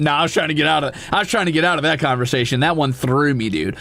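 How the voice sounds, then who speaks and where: A man streamer telling an animated, laughing story in a casual chat. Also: a little high, quick pace, few pauses, soft background music. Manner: animated, laughing, acts out voices.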